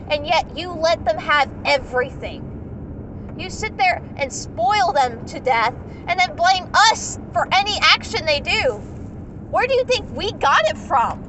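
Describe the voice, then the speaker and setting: A woman's voice: extremely high pitch, fairly bright tone, a little hiss or hum, low-quality recording. A young woman in an impassioned, indignant rant, talking straight to the camera with emphatic repetition. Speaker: vlogger. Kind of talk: impassioned ranting monologue.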